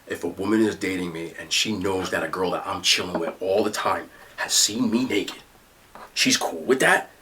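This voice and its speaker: A man's voice: moderate pace, a little hiss or hum. A young man with a New Jersey accent, telling stories in casual chat as a podcast host. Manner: animated storyteller, excited jumps in pitch.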